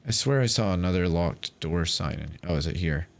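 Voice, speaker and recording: A man's voice: sits low, lively intonation, moderate pace, creaky. A man streaming a game, chatting casually with a wry, profane manner. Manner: wry, profane, swearing freely. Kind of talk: casual gameplay commentary.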